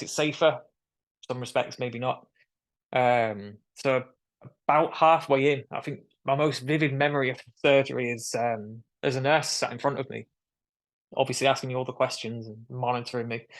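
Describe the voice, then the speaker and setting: A young man tells his story in a casual, animated way. His voice sits at a middle pitch. He is on a video call and jumps into the voices of the people he quotes. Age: young adult. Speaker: guest.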